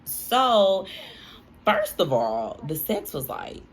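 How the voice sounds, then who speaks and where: A young woman, telling a casual storytime to her viewers in an animated, chatty way. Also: mid-range voice, slow pace, a little hiss or hum. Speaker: vlogger.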